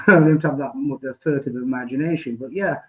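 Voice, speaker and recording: A man's voice: medium pitch, moderate pace, fairly bright tone, highs cut off. A man with a Midlands English accent, a guest in a live chat, rambling through anecdotes.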